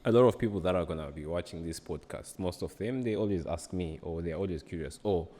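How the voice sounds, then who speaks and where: A podcast host in his late thirties who teases his friends and keeps breaking into laughter. His voice sits very low, and the room adds a long echo behind it. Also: quick pace, mellow, slight background noise. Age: late 30s. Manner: teasing, laughs often, calls others "bro". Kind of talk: casual podcast chat.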